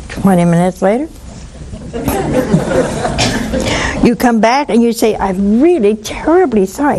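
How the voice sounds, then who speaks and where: Lively older woman preaching. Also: mid-range voice, a little slow, creaky, long pauses, a little hiss or hum. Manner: lively, acts out little dialogues. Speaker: nun hosting a call-in show. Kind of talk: spoken teaching with call-in.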